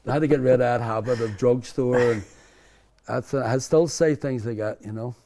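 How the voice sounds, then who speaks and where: An older interviewee from Belfast, Northern Ireland, tells his story in a rambling, candid way with his Belfast accent, frequently restarting and saying "you know." His warm voice is medium-pitched and moderately paced.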